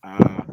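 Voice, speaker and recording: A man, casually bantering and joking with friends on a live panel, laughing often and using street slang. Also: very noisy.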